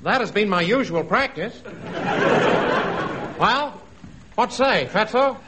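Dopey young husband, high bright voice, slow deadpan delivery, comedy sketch. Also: male voice, very noisy. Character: dim, hapless young husband.

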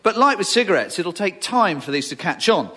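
A man performing in a comedy sketch, wry and lively. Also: sits high, a little fast, husky.

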